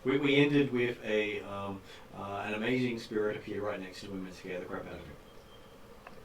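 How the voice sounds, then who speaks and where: A man's voice: lowish voice, normal speed. A man acting as game master, casually teasing his players and recapping the story with many fillers. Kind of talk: running a tabletop game session. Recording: distant mic with faint noise.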